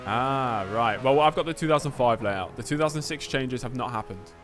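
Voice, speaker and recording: A mid-pitched man gives relaxed live commentary while he plays a racing game. He jokes and replies to his chat between laps, with faint game music underneath. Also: normal speed. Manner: chatty, joking, answers chat messages. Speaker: streamer playing a racing game.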